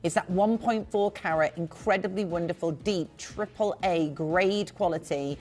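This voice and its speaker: Female live shopping host, low-pitched, gushing and chatty, light music bed. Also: darkish tone. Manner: chatty, gushing, quick asides. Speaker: shopping channel presenter. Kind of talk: live TV jewellery selling.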